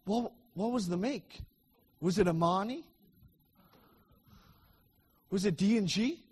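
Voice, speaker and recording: A middle-aged man preaching a sermon in a church, emphatic and repetitive, swinging between loud declarations and soft asides. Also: high voice, slow, breathy edge.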